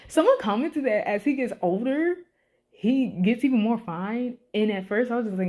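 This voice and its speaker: A young woman doing a casual, animated rant review, swearing often and sounding exasperated. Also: medium pitch, brisk. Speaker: YouTube reviewer.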